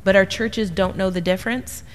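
A middle-aged woman teaching the Bible in a casual, animated way, acting out the people in her stories. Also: mid-range voice, normal speed, big-room sound. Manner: animated storyteller, quotes people in voices.

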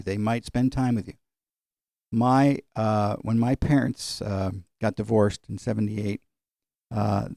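A middle-aged man with a low, mellow voice gives an informal Bible lesson. He speaks conversationally and wanders into personal asides. The sound is dry and close. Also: no room sound. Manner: conversational, digressive, with fillers and chuckles. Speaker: Bible study teacher.

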